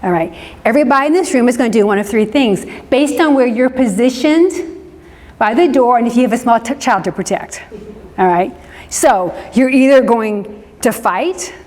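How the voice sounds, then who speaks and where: A woman's voice: a little high, normal speed, a little mellow. A woman, giving a conversational talk to a live group and often checking in with "right?". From American Midwest. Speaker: speaker on forgiveness, counselor. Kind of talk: interactive lecture to a live group. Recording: long reverb of a hall.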